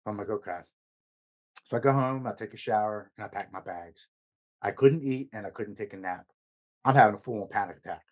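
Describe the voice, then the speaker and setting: A man's voice: lowish voice, fast, darkish tone, poor audio. A man, a podcast guest, recounting his recovery story in an earnest, emotional way, stammering over words at times.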